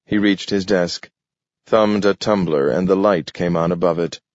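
A man narrating an audiobook story in a measured, descriptive manner, in a dull lo-fi recording. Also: deep voice, steady tone, no room sound. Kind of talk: scripted narration.

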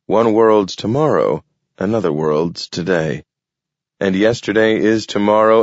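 A man reading a story aloud in a measured, contemplative narration. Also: low-pitched, a little mellow, no room sound, muffled recording. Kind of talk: scripted narration.

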